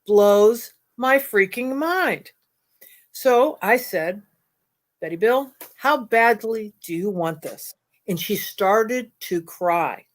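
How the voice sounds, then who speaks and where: Animated, blunt woman telling a story. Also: medium pitch. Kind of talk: casual conversation.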